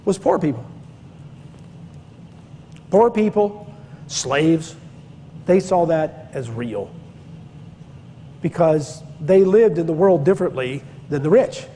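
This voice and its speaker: A man's voice: fairly high pitch, animated, slow pace, pauses often, dark tone, long reverb tail, a little hiss or hum. A man from Pennsylvania teaching church history in a conversational lecture, digressing and stressing key words. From Pennsylvania, USA. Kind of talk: classroom-style Bible lecture.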